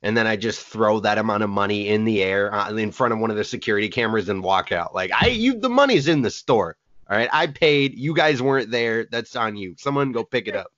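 A man's voice: on the low side, animated, fairly quick, a bit bright, highs cut off. A man co-hosting a casual comedy podcast, crude and profane, laughing through his stories.

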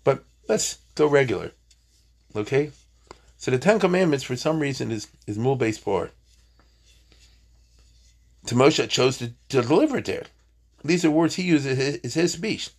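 A man's voice: mid-range voice, animated, moderate pace, pauses often. A man teaching an informal Torah class, chatty, with joking asides and Hebrew terms.

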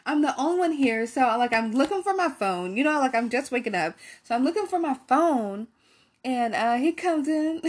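A woman's voice: high voice, expressive, normal speed. A woman telling a personal story to her viewers in a casual, rambling way, swearing freely and filling her talk with "like" and "right?". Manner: candid, profane, rambling with many fillers.

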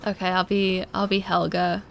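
A woman's voice: on the low side, flat delivery, normal speed, creaky, slight background noise. A woman joining a casual chat with playful, giggly remarks.

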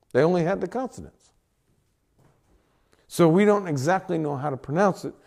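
Male pastor, sermon, emphatic, higher-pitched, very lively intonation. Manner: animated preaching, dramatic voiced quotes.

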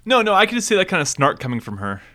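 A man's voice: high voice, big pitch swings, bright, forceful tone. A man co-hosting a podcast in casual chat, playful and teasing. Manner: playful, teasing, quick to laugh. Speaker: podcast co-host.

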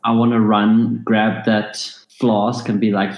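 A man's voice: lowish voice, level tone, takes it slowly, a little mellow. A man playing a tabletop game, casual and a bit hesitant. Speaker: player. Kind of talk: tabletop role-play. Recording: echoey room.

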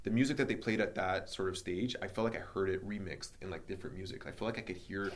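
Speaking low and fast, a male podcaster shares a personal anecdote casually, animatedly voicing the exchanges and scattering fillers throughout. There's slight background noise in the recording.

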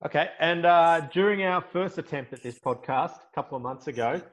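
A man's voice: a little high, fairly quick, fairly bright tone, rough recording. A man hosting a podcast interview, dropping short encouraging interjections. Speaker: podcast host.

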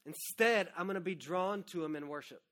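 A man in his thirties, a pastor preaching an earnest, personal sermon that swings from hushed to loud. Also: high-pitched, a little fast.

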